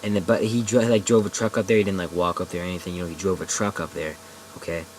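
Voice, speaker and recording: A man's voice: deep voice, little pitch movement, fast talker, a little hiss or hum, poor audio. A young man telling a true story to his viewers in a rambling, casual way, full of fillers and swearing. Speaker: vlogger.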